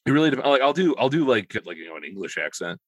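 A man's voice: medium pitch, very animated, fast talker, a bit bright, no room sound. A man co-hosting a podcast in casual chat, eagerly sharing stories. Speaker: podcast co-host.

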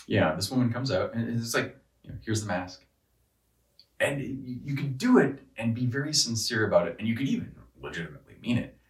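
A man's voice: mid-range voice, reverberant, distant mic, rough recording. A man ranting casually and profanely, exasperated and rambling, often restarting his sentences. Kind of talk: casual rant.

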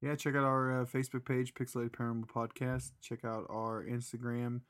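A man with a mid-range voice talks in a relaxed, somewhat rambling way. He co-hosts a podcast and reads stories aloud in casual chat. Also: mid-range voice, brisk. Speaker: podcast co-host. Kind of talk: reading a listener story, then casual chat.

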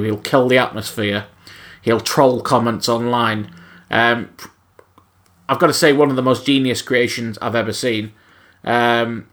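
A man's voice: mid-range voice, fairly bright tone. A man co-hosting a casual podcast, talking hesitantly and searching for words. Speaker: podcast co-host.

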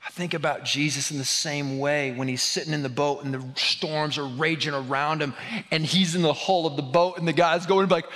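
Male pastor, higher-pitched voice, conversational sermon that swings from loud to hushed, long church reverb. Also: fairly even intonation, moderate pace. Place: church hall.

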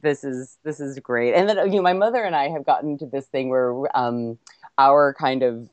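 A woman guest filmmaker chatting casually on a podcast, enthusiastic and quick to laugh. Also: rumbling low, a little mellow, no echo.

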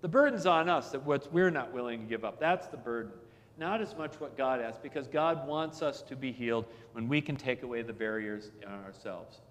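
A man's voice: mid-range voice, normal speed. A middle-aged man, a pastor, preaching a chatty sermon, telling anecdotes and repeating words as he builds each point. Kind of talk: conversational sermon. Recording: long hall reverb.

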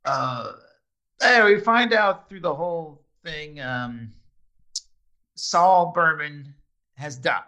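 A man's voice: fairly high pitch, lively intonation, takes it slowly, pauses often, sharp tone. A man co-hosting a casual chat, recapping a TV episode, laughing often and restarting his sentences. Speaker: podcast co-host.

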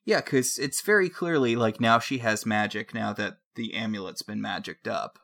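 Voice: mid-range voice, moderate pace, vocal fry, fairly bright tone. Podcast co-host with dry, wry asides. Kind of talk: casual recap chat.

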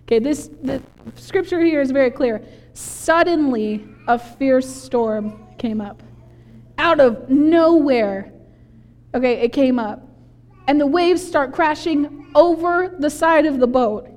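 A woman preaching a sermon, telling the story in an animated, conversational way. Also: high-pitched, takes it slowly. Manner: animated storytelling, acting out quoted voices with laughs. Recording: long hall reverb.

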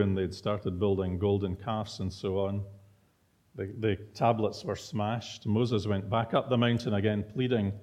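Low-voiced man preaching a sermon. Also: dark tone. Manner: teacherly, asks the listeners rhetorical questions. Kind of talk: expository sermon.

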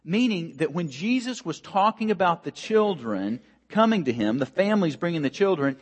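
A man's voice: sits high, very animated, normal speed. A male pastor preaching a sermon in a conversational way, with many fillers and restarts.

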